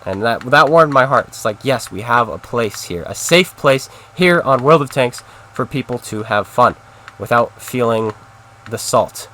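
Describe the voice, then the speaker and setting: A man's voice: medium pitch, animated, measured pace, pushed and bright. Rambling man streaming a game. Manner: rambling, chatty, talks straight to his chat. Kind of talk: casual live-stream commentary.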